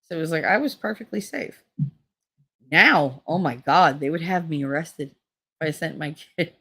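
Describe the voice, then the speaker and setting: Gravelly-voiced woman telling rambling stories. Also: lowish voice, animated, moderate pace, a bit bright. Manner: rambling, profane, laughs often. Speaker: channel host. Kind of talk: casual storytelling.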